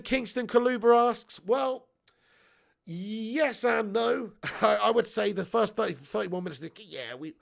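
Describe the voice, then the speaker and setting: A man in his thirties with a high, heavily gravelly voice hosts a live football watch-along. He chats loosely, swears freely and laughs as he reads viewer comments and calls the action. There is a raspy fry running through his speech. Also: unhurried. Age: 30s. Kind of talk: casual live match commentary and chat.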